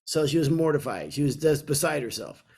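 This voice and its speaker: Older man telling a story, higher voice. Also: a little fast, creaky, slightly rough. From Kentucky. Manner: animated storyteller, acts out voices in quotes. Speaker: podcast co-host. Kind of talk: casual storytelling.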